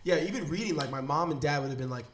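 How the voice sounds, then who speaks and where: A man's voice: a little high, very fast, a little hiss or hum. Rambling, enthusiastic podcast host man. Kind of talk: casual chat.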